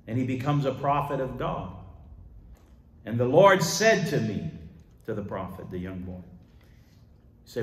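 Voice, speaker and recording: A man pastor preaching a sermon, moving between loud emphatic declarations and quiet asides. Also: medium pitch, distant mic. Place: church sanctuary. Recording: echoey church hall.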